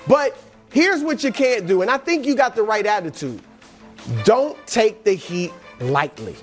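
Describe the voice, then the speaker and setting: A man's voice: high-pitched, sing-song, a little slow, faint music behind. A man co-hosting a sports talk show, delivering a hyped-up motivational list straight to the players. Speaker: co-host.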